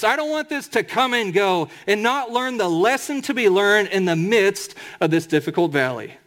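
Male pastor with a high voice, emphatic sermon delivery that slows to stress scripture. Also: a bit bright. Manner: emphatic preaching with slowed, drawn-out scripture quotes.

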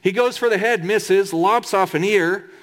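A man's voice: sits high, measured pace. A man preaching a sermon in a conversational, humorous way, with emphatic asides.

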